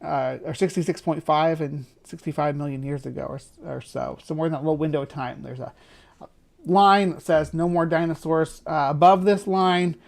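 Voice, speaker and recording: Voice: mid-range voice, steady tone, brisk, vocal fry. A livestream host giving casual, rambling commentary on a video, stopping to correct and qualify points.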